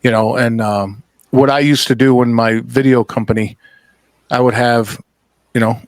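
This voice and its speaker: A man's voice: medium pitch, fairly even intonation, normal speed, no room sound. A man hosting a podcast, chatting casually and telling stories bluntly with plenty of swearing. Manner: blunt, profane storyteller. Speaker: podcast host. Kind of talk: casual chat.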